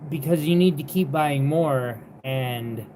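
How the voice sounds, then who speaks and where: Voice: medium pitch, takes it slowly, mellow, a little hiss or hum. A young adult jewelry seller hosting a live sale, talking in a rambling, exasperated way with lots of fillers and the odd swear word. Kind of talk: casual livestream chat.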